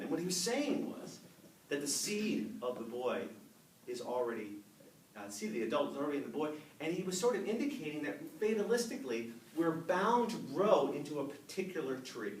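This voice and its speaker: A man in his fifties giving an animated, storytelling speech to a club audience and laughing along with them. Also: fairly high pitch, fairly quick. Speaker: Toastmasters speaker. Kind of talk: public speech. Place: meeting room with a live audience. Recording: echoey room, mic from far off, faint noise.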